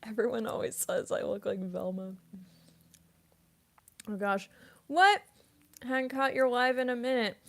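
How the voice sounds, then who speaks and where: A woman's voice: fairly high pitch, normal speed, pauses often. A young woman voice actress chatting casually on a livestream, reading chat aloud with lots of ums and likes while snacking on chips. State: eating chips while talking.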